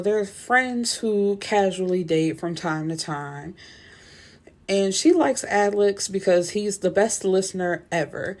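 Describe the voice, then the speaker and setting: A woman casually recapping a novel's plot, animated and full of fillers. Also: medium pitch. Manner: animated retelling with many fillers and quoted dialogue. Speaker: book reviewer.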